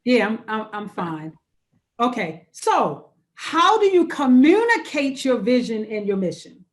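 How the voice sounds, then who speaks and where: A very animated woman pastor, her voice somewhat high, leads an interactive online church workshop via video call at a measured pace. She's conversational and encouraging, circling back to key phrases, and it sounds like unscripted live teaching.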